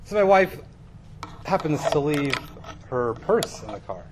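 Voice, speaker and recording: Chatty, fairly high-voiced male preacher. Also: big pitch swings, unhurried, background noise. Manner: conversational, self-deprecating, lots of fillers. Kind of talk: casual sermon storytelling.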